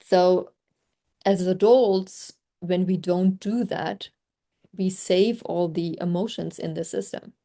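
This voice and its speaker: Her voice is lowish, mellow and slow, with fairly even intonation. She's coaching a group over a video call in casual talk, reflective and chatty, dropping "like" often; German is her first language.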